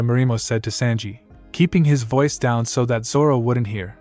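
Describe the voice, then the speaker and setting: A man's voice: mid-range voice, moderate pace, darkish tone, soft background music. A man reading fan fiction aloud, keeping the characters' lines close to his own voice. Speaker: fanfic narrator.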